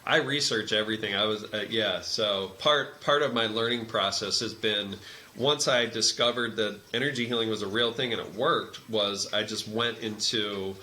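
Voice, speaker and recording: Bright-voiced man telling a lively story. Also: on the low side, moderate pace. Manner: animated storyteller who acts out quoted dialogue. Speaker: massage therapist and energy healer; meditation teacher. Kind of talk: conversational storytelling.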